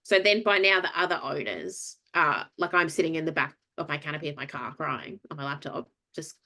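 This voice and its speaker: Australian woman, podcast co-host, animated anecdote teller, slightly low voice. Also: fairly quick. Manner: animated storyteller, acts out quoted voices, many fillers. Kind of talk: casual storytelling chat.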